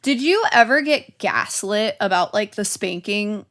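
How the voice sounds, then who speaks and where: A woman's voice: mid-range voice, lively intonation, unhurried, a bit bright. A woman hosting a podcast in casual chat, chatty with blunt reactions.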